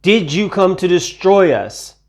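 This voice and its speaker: A man voicing a male unclean spirit from scripture, with raised, drawn-out cries. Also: high voice, lively intonation, a little mellow, pitched above the performer's own voice. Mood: alarmed.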